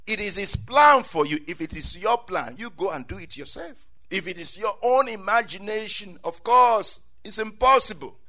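A man's voice: high voice, lively intonation, moderate pace, hardly any pauses, bright, forceful tone. A male preacher delivering an emphatic, repetitive sermon, often calling out amen.

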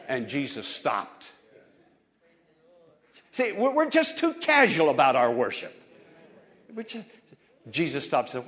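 A male pastor preaching a sermon, building to loud, fervent appeals to the congregation. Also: mid-range voice, sing-song, normal speed, long pauses.

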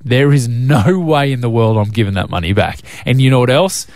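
Young guy radio host, cheeky and jokey, mid pitch, dry close sound. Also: fairly quick, a little mellow, dry recording. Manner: cheeky, playful, jokey storytelling. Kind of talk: casual breakfast radio chat.

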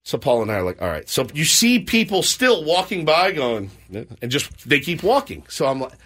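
A studio microphone picks up a male morning sports radio host whose voice sits a little high and moves at a moderate pace. Chatting casually, he narrates a story with gusto, voicing each person he quotes.

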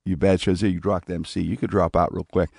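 Man, low gravelly voice, dry close sound, rambling casual storytelling. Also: fast talker, dry recording. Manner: rambling, animated anecdote with restarts. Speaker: comedian telling a story.

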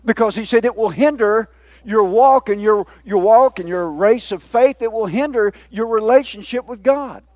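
A man preaching a sermon, teasing his listeners as he goes. His voice sits high for a man. The sound is dry and close, with no room echo. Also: moderate pace. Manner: folksy, joking with the congregation. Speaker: pastor.

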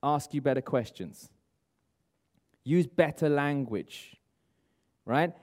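Man, motivational speaker, energetic crowd-coaching delivery, higher voice. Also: slow. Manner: energetic, coaching, asks the audience questions. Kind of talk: live seminar talk to room and online audience.

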